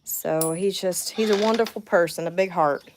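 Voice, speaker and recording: A middle-aged woman with a thick Southern drawl talks casually into her phone during a home livestream. She sounds a little nervous, stops often to greet viewers by name and answer their comments, and has a soft hiss of noise behind her. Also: on the low side, normal speed. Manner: chatty, nervous, thanks viewers warmly by name. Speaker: livestream host. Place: home, near a window with birds outside.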